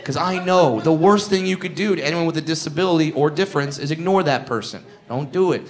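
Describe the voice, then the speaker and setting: A man doing a loud, animated stand-up comedy set in a club, telling stories with punchy asides. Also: a little high, fast talker. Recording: live club recording with crowd noise. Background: audience laughter.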